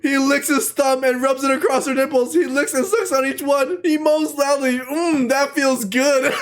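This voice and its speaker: A woman's voice: high-pitched, moderate pace. A young woman reading an AI-written story aloud, reacting with giggly, shrieking exclamations. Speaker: streamer.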